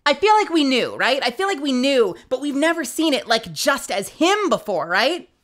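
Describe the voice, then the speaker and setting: A young woman casually commenting on a video game as she plays it, excitable, gushing and chatty. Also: high-pitched, normal speed. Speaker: streamer playing a game. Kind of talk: casual let's-play commentary. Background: game music.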